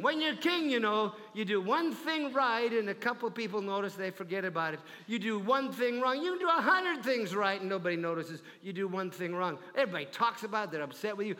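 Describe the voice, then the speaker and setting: Animated high-voiced preacher telling a story. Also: male voice, fairly quick, hardly any pauses, big-room sound. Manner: animated, acts out characters. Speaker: pastor. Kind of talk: storytelling sermon. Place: church sanctuary.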